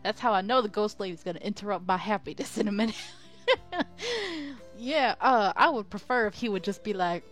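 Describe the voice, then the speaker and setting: A woman's voice: medium pitch, moderate pace, pauses often, fairly bright tone, faint music behind. A woman streaming a story game, chatting giddily, laughing a lot and reading her own lines aloud. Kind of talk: live game commentary.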